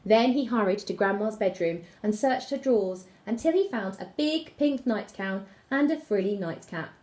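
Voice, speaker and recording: Expressive teacher reading a fairy tale. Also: female voice, mid-range voice, moderate pace. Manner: expressive storytelling, gasps and whispers.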